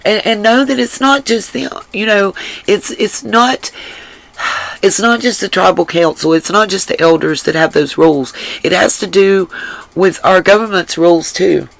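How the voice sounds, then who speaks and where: A woman hosting a casual livestream and reading the chat aloud, drained, her voice rough from crying, earnest and emphatic and given to repeating herself. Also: mid-range voice, moderate pace, poor audio. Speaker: livestream host.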